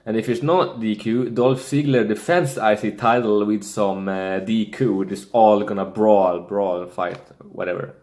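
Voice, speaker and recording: A young man speaks slowly in a fairly low voice, musing over his predictions in casual solo talk. He hesitates, restarts and fills gaps with ums, and his English phrasing is that of a non-native speaker. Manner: hesitant, thinking aloud with many fillers and restarts. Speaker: wrestling fan predicting matches.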